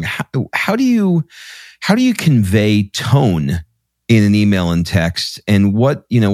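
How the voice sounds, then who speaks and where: A man's voice: low voice, darkish tone, no room sound, studio quality. A man hosting a podcast interview, asking curious follow-up questions in a conversational way. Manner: curious, asks follow-up questions with brief affirmations. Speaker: podcast host.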